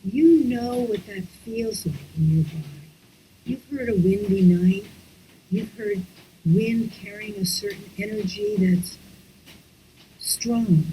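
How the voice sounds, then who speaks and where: A woman leads an online breathing lesson in an unhurried, gentle voice that keeps slipping into whispers. Her tone is mellow and warm. A faint hiss sits under her computer-mic sound. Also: mid-range voice, low-quality recording. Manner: slow, soft-spoken, drifting into whispers. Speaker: breathwork teacher. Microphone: online class, computer mic.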